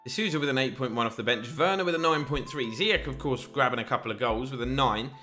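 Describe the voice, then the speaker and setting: Excitable gamer commentating football. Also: male voice, medium pitch, quick pace. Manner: excitable, chatty, mock-commentator play-by-play. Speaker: gaming YouTuber. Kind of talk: live commentary over a football video game.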